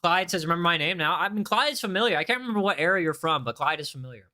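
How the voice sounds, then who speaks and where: Chatty bright-voiced male streamer. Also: high-pitched, animated, rapid-fire. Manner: chatty, reads chat aloud, repeats himself. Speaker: game livestreamer. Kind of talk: casual livestream chat.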